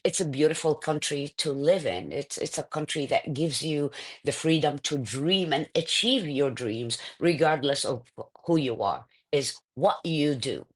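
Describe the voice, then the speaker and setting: A middle-aged woman speaks with an Iraqi Arabic accent in a pitch sitting a touch low for a woman. She is animated and chatty, full of restarts and fillers. Quick laughs break up her sentences. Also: slightly rough. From Iraq. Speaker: political candidate, guest. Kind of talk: conversational interview.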